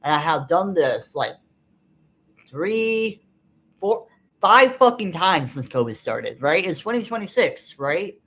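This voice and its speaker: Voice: mid-range voice, big pitch swings, slow, fairly bright tone, breathy edge. A vlogger in an unscripted personal monologue, venting in a frustrated, bitter way and swearing a lot, rambling with many fillers.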